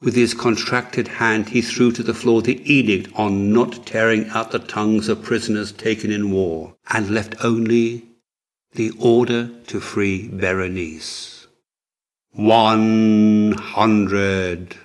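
Slow, measured male audiobook narrator. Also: on the low side, fairly even intonation. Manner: measured, dramatic.

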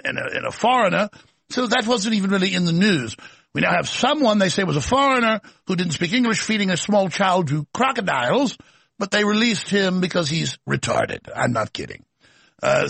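Ranting male talk host, raspy and dry, close to the mic. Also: high voice, fairly bright tone, no echo. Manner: ranting, sarcastic. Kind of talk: opinionated monologue.

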